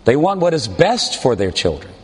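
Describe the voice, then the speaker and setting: A man preaching a sermon as a pastor, with a slow, earnest, pleading delivery and dramatic pauses. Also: mid-range voice, very animated, slightly rough, big-room sound.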